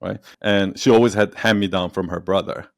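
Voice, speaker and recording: Low gravelly man telling a story. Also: fairly quick, dry recording, clean studio sound. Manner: animated storyteller, acts out quotes, laughs often. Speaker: podcast guest, entrepreneur and storyteller. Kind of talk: casual conversational interview.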